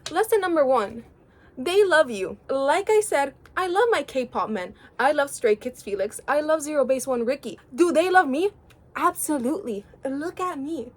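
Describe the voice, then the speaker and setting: A young adult woman giving a casual motivational vlog, playful and dramatic, bossing viewers like a mock teacher. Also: sits high. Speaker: online content creator.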